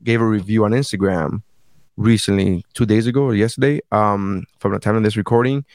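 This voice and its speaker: A man's voice: fairly low pitch, fairly even intonation, fairly quick, darkish tone, no echo. A man co-hosting a podcast, telling stories loosely with fillers and frequent swearing, recorded close and dry. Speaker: podcast co-host. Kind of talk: casual podcast chat.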